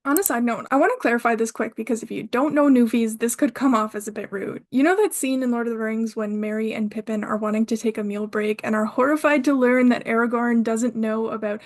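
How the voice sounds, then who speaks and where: A podcast host from Canada in casual conversation with a guest. Her voice sits a little on the high side, and she talks in loose, chatty rambles broken up by frequent laughter. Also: fairly even intonation, a little fast, few pauses. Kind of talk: casual interview chat.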